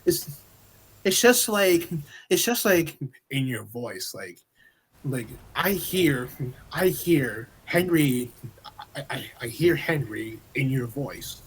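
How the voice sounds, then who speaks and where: A man's voice: medium pitch, big pitch swings, slow pace, a bit bright, a little hiss or hum. A young man guest on a casual podcast, laughing easily and repeating himself when he jokes. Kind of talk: casual chat.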